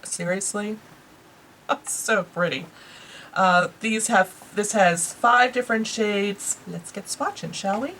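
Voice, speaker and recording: A woman's voice: mid-range voice, slow pace, fairly bright tone, a little hiss or hum, rough recording. A woman with a New York accent casually and enthusiastically reviewing beauty products she bought, chatting to her viewers. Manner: chatty, enthusiastic, lots of fillers. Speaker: beauty vlogger.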